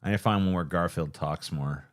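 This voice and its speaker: A man's voice: low-pitched, a little fast. A man streaming late at night, chatting casually in a rambling, profane, self-deprecating way.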